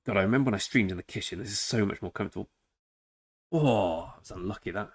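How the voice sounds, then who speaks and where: A man's voice: on the low side, quick pace, slightly rough. A man chatting casually and joking while streaming a strategy game. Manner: chatty, joking, talks to chat. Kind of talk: casual live-stream chat.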